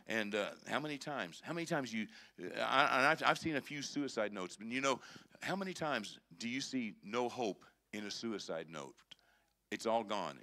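A male pastor delivers a sermon in a conversational but emphatic way. He moves from quiet stretches to intense ones. His voice is bright and forceful. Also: lowish voice.

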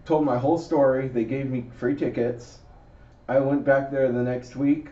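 A man co-hosting a podcast, telling an animated, profane story and acting out what people said. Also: mid-range voice, measured pace. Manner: animated, profane, acts out quotes. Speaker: podcast co-host. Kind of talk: casual storytelling chat. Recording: roomy, distant, dull lo-fi mic.

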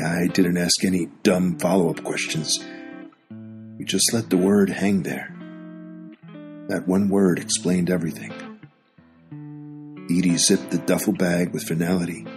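A man's voice: sits low, steady tone, a little slow, pauses often. A man narrating a scripted memoir in a dry, wry storytelling manner. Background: guitar music.

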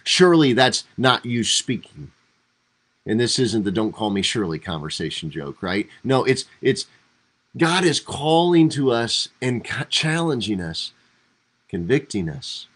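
A man's voice: medium pitch, sing-song, a little slow, a bit bright, rough recording. A man teaching a devotional Bible study as a pastor, talking conversationally and acting out quoted lines with rising emphasis. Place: church livestream.

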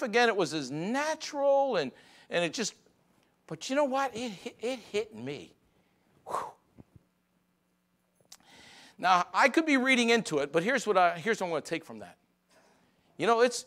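A male pastor delivers a Sunday sermon in a church sanctuary, talking to the congregation in a conversational way. His voice sits high for a man and swings widely, climbing for emphasis and then sinking low and quiet. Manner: conversational preaching, rising for emphasis and dropping low.

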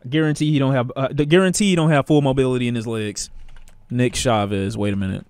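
A man streaming live, reacting to TV clips with animated, profane commentary and bursts of laughter. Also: mid-range voice, quick pace, smooth, no room sound.

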